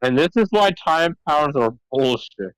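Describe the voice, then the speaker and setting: A man's voice: fairly high pitch, lively intonation, moderate pace, smooth, dry recording, poor audio. Guy riffing on a movie with buddies, rambly and snarky, dry close sound. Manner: rambling, sarcastic asides. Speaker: podcast co-host. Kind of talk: casual movie-riffing chat.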